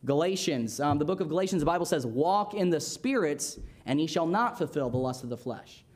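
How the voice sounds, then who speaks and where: A young man with a fairly high voice preaches in an easygoing, conversational way. He teaches like a Sunday school leader, pausing often for an "amen?" or a "right?". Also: expressive, a little mellow. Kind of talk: sermon.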